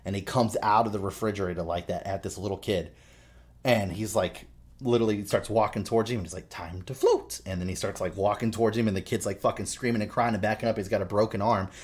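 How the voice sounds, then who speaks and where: A man co-hosting a podcast, telling a story in animated, profane casual chat. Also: on the low side, fast talker. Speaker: podcast co-host.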